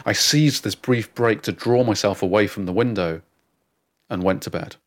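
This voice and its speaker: A man narrating a comic first-person story with a deadpan, wry delivery and dry asides. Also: on the low side, moderate pace.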